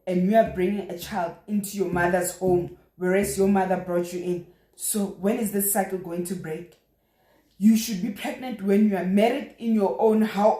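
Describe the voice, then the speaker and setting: A woman's voice: medium pitch, mellow, lightly acted. A South African woman playing her stern older grandmother, who firmly lectures her granddaughter. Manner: lecturing, firm. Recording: echoey room.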